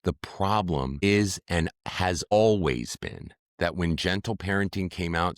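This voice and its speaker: A man's voice: low voice, no room sound, clean studio sound. A man in his thirties giving an earnest, direct talk to parents, calling them friends and speaking plainly about raising children. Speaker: parenting educator. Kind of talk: lecture to parents.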